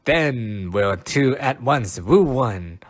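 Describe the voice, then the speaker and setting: Guy cold-reading as a mischievous fairy sprite, slow careful verse, sing-song ups and downs. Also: medium pitch, animated. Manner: slow, careful, stumbling over old words. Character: mischievous male fairy sprite, read stiffly.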